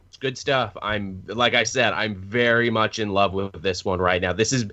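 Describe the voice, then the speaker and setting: Canadian co-host, man, bright forceful voice, upbeat, muffled lo-fi audio. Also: lowish voice, steady tone, moderate pace. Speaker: podcast co-host. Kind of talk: casual chat.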